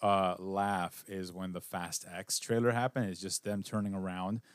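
A man co-hosting a podcast, chatting casually and rambling about movies, with a relaxed, wry sense of humor. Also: deep voice, normal speed, clear, resonant tone, dry recording, clean studio sound. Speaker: podcast co-host.

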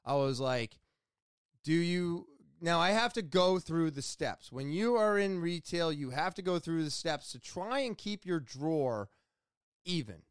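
A man in his forties, a longtime retail worker, casually retelling an exasperating story in an animated way. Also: on the high side, a little slow, smooth, dry recording, studio quality.

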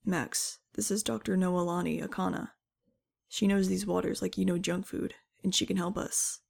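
A woman's voice: on the low side, flat delivery, normal speed, gravelly, darkish tone. A woman voicing a friendly male scientist who talks in a light, teasing way.

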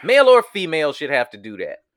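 Animated, profane man in casual chat. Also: on the high side, fast talker. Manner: animated, profane, laughs often.

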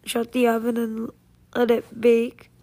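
Slow, flat-voiced woman reading a fairy tale. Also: fairly high pitch. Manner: slow, measured reading with small slips and restarts. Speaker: storyteller.

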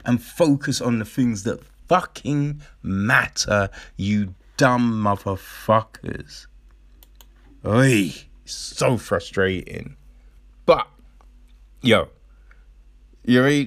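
A man giving casual ranting commentary, profane and incredulous, with drawn-out emphasis. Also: medium pitch.

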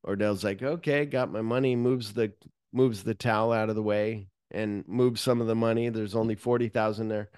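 A man's voice: on the low side, moderate pace, smooth, no room sound, clean studio sound. A man hosting a podcast, casually recapping a film plot with lots of fillers and offhand swearing. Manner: animated retelling, mixing read plot summary with offhand asides. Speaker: podcast host. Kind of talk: casual movie recap chat.

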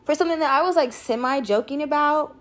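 A woman and mother telling a story in casual chat, animated and expressive, swearing casually. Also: high voice, quick pace. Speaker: podcast co-host, mother.

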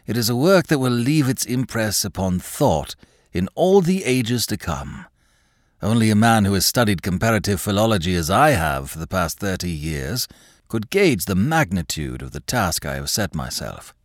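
A man's voice: on the low side, very animated, moderate pace, no room sound, clean studio sound. A man voicing a pompous, absent-minded older scholar who swings between grandeur and irritation. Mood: grandiose. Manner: grandiose then irritable and dazed.

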